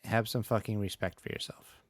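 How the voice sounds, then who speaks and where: A lower-voiced man co-hosting a podcast, calm and deadpan, tossing in dry crude jokes. His voice sits close and dry on the mic. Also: a little fast, dry recording. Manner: dry, deadpan one-liners. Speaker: podcast co-host. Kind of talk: casual comedic chat.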